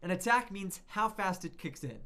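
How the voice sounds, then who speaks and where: A man's voice: high-pitched, lively intonation, normal speed, pushed and bright. A man giving a casual, rambling lesson on music production, often correcting himself as he goes. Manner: chatty, rambling, self-correcting.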